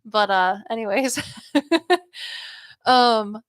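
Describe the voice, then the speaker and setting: In a dry recording, a woman with a fairly high voice runs a relaxed psychic-medium livestream. She chats loosely with plenty of "like" and "um," reads viewer comments aloud, and lets out quick laughs.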